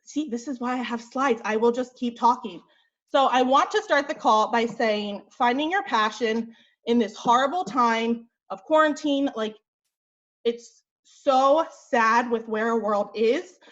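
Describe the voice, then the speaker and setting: Slightly winded, a young fitness coach runs a motivational call for her team, speaking bluntly and chattily with lots of quick fillers. Her slightly high voice is a bit bright, and the recording's highs are cut off.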